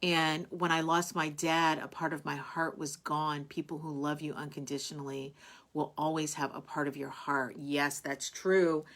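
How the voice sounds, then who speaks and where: Low-voiced woman hosting a casual live chat. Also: flat delivery, normal speed. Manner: warm, heartfelt, rambling with many fillers and restarts. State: tearful at moments. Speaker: host of a live online show. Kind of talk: casual live-stream chat reading viewer comments.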